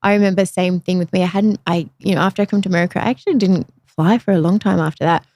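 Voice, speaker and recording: An Australian woman hosts a podcast, telling her own story in a frank, chatty, self-deprecating way. Her voice is lowish and darkish in tone, and she races along in candid conversational storytelling.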